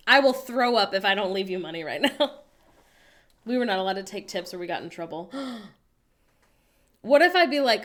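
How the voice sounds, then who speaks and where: An American woman hosting a casual livestream, chatting playfully and reading viewers' messages aloud with animated, self-mocking humor. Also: mid-range voice, moderate pace, long pauses. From United States. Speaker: livestream host reading chat. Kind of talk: casual chat.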